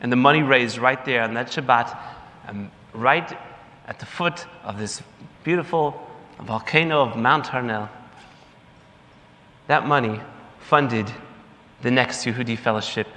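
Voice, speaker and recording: A man tells a story from the stage of a gala, bright and ringing in tone. He acts out the voices of the people in his story. A long hall reverb trails each phrase. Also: medium pitch, measured pace, pauses often, slight background noise. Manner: lively storyteller, mimics others in quotes. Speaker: gala speaker for the organization. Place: large banquet hall.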